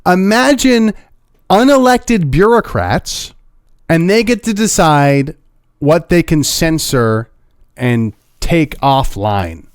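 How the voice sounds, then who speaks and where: A man's voice: fairly high pitch, animated, takes it slowly, no room sound, clean studio sound. A young man giving opinionated, sarcastic video commentary as the host of his own channel. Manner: sarcastic, mocking. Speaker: political commentator.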